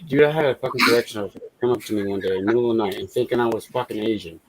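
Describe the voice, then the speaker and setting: A man's voice: on the low side, rapid-fire, background noise. A man from the American South with a Southern accent, chatting in a laid-back way and swearing often. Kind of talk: casual chat.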